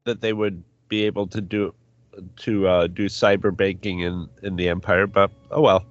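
A man's voice: low-pitched, little pitch movement, moderate pace. A man co-hosting a podcast, talking casually and hesitantly, trailing off. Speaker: podcast co-host. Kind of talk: casual chat. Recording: dry, dull lo-fi audio.

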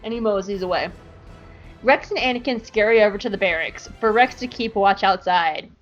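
A woman hosting a casual recap show, animated and playful, swearing freely. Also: mid-range voice, normal speed, highs cut off, soft background music. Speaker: podcast host recapping an episode. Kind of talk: casual chat.

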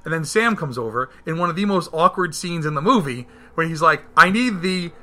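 A man recapping a movie in casual chat, animated and acting out the characters' lines. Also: fairly quick. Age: adult, married. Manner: animated, acts out quotes with big jumps in pitch. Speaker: podcast co-host reviewing a film.

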